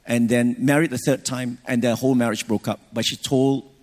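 A middle-aged man, a pastor, telling a personal story in a sermon, animated and full of restarts. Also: medium pitch, brisk. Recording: long reverb from a large hall.

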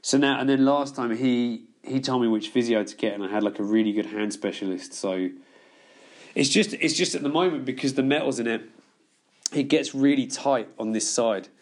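A man guesting on a podcast, chatting loosely and telling stories. He swears often and laughs at his own tales. His voice sits in an ordinary middle pitch. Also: moderate pace. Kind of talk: casual storytelling chat.

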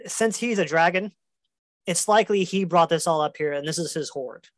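Woman game master, low-pitched, easygoing narration with fillers. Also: moderate pace, no room sound. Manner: relaxed, hesitant with fillers.

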